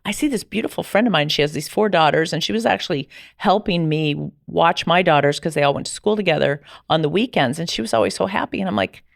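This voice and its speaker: A middle-aged woman telling her personal story as a podcast guest, lively and acting out the dialogue she remembers. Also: low voice, quick pace, vocal fry, hardly any pauses, no echo, clean studio sound. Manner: animated, acts out quoted dialogue.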